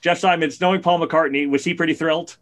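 A man in casual podcast chat, telling a story in an animated, excited way. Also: fairly high pitch, fast.

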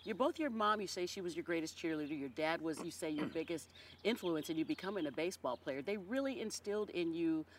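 A man's voice: fairly high pitch, animated, fast talker, few pauses, a little hiss or hum. A man hosting an interview, asking questions and giving affirming responses. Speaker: interview host. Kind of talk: conversational interview.

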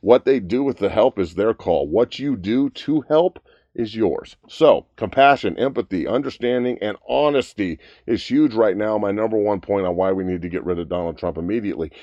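A man's voice: on the low side, moderate pace, dark tone, no echo, muffled recording. A man in his thirties hosting his own talk show, ranting bluntly and profanely about the news. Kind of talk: profane opinion rant.

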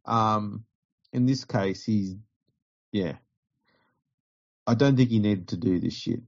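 Sweary, blunt podcast host. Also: male voice, lowish voice, slow pace, a little mellow. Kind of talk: casual podcast chat. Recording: dull lo-fi podcast audio.

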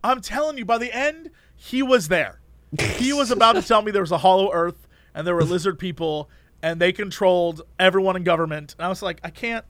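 A man's voice: high voice, brisk, a bit bright, dry recording. A man chatting casually on a podcast, telling stories animatedly and laughing often. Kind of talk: casual chat and storytelling.

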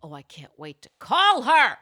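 A woman's voice: on the high side, huge pitch swings, moderate pace, bright, forceful tone. A woman co-hosting a podcast, chatting in a jokey, giggly way. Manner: giggly, jokey, puts on bits. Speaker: podcast co-host. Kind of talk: casual comedic chat.

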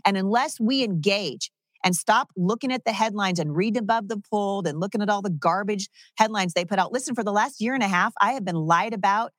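A woman's voice: mid-range voice, a bit bright, no room sound, clean studio sound. A woman running for Congress, talking in an emphatic, indignant way on a talk show. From Southwest Washington state. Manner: emphatic, indignant, rapid-fire. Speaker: political candidate guest. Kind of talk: campaign talk-show interview.

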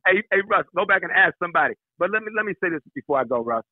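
Husky man on a tinny phone line. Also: sits high, very fast, no echo. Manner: animated, joking, laughs often. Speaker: actor, guest. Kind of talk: casual interview chat.

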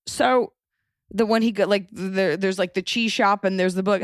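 A woman's voice: medium pitch, steady tone, normal speed, dry recording, clean studio sound. A woman with an American accent co-hosting a casual podcast, chatty and playful, laughing often and slipping into accent bits. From United States. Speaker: podcast co-host.

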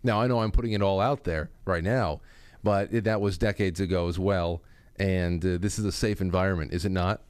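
Low-voiced male talk show host. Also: steady tone, a little fast, clear, resonant tone, no room sound. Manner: chatty, reads listener stories aloud. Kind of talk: casual call-in talk.

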